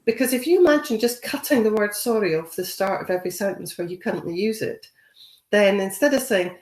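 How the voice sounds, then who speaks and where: A woman's voice: medium pitch, brisk, a little mellow, echoey room. A woman giving a conversational training webinar, encouraging and full of "you know" fillers. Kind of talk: webinar talk.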